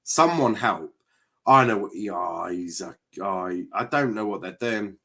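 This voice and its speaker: A man's voice: fairly low pitch, lively intonation, a little slow, sharp tone, breathy edge. A man hosting a live football watchalong stream, reacting with exasperation and frequent swearing as he chats to viewers.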